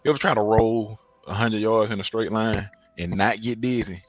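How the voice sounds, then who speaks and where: A man's voice: fairly low pitch, steady tone, normal speed, dull audio. A man co-hosting a casual podcast chat, emphatic and slangy, often repeating himself. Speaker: podcast co-host.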